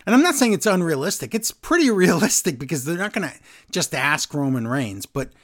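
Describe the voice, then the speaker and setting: A man casually recapping a wrestling show, sarcastic and animated, reading from his notes. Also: on the high side, a little fast. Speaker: podcast host recapping wrestling. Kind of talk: casual chat.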